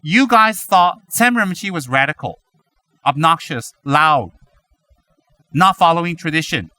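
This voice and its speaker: A man giving a Buddhist teaching, animated and dramatic, acting out his students' complaints. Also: on the high side, unhurried. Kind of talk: dharma teaching talk.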